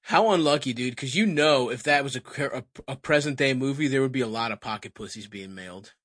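A man's voice: mid-range voice, brisk, fairly bright tone, no echo, studio quality. A man co-hosting a comedy podcast, joking crudely and laughing often. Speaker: podcast co-host. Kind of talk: casual comedy chat.

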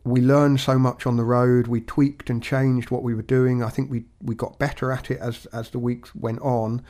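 A man co-hosting a podcast, talking in a measured, reflective way with frequent restarts. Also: mid-range voice, level tone, darkish tone. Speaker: podcast co-host.

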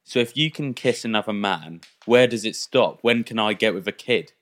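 A man's voice: lowish voice, normal speed, fairly bright tone. A young man co-hosting a casual podcast, telling stories with quoted voices and plenty of swearing. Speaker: podcast co-host. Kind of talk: casual chat.

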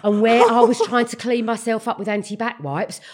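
A woman's voice: a little high, steady tone, brisk. An Englishwoman in her fifties, a guest telling embarrassing stories bluntly, swearing freely and acting out what other people said. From England. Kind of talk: casual storytelling chat.

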